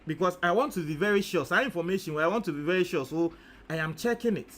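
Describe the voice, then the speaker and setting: High-voiced Ghanaian man calculating aloud. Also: lively intonation, quick pace, a bit bright, slight background noise. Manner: thinks aloud, repeats figures, mixes in Twi. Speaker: news commentator. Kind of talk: casual commentary, working out sums aloud.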